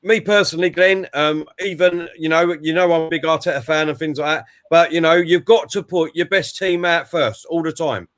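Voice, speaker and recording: A man's voice: fairly high pitch, normal speed, hardly any pauses, fairly bright tone. Friendly hesitant man hosting a football stream. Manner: hesitant, filler-heavy, friendly. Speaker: host. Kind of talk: casual football chat with live commentary.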